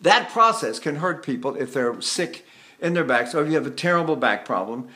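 Older male voice teacher, fairly high voice. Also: animated, a little fast, bright, forceful tone. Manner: demonstrates hums and sung syllables mid-explanation; chatty, folksy asides. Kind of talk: vocal lesson with demonstrations.

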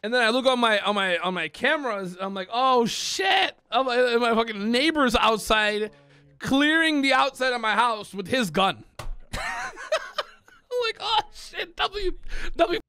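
A man streaming a role-play game, telling a story to his chat in a casual, animated way, swearing, laughing and shouting out the lines he acts out. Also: extremely high pitch, unhurried, clean tone. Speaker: streamer playing a police officer.

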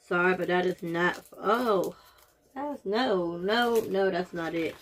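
A woman's voice: lowish voice, slow. A woman doing a casual taste-test vlog, groaning and reacting dramatically as she talks straight to her viewers. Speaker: vlogger.

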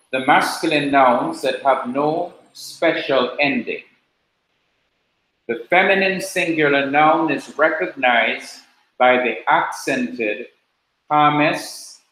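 A man teaching a class, explaining slowly and patiently and repeating key points. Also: mid-range voice, a bit bright. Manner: slow, patient explaining with repetition. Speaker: preaching school teacher. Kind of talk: classroom lecture. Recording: very echoey classroom.

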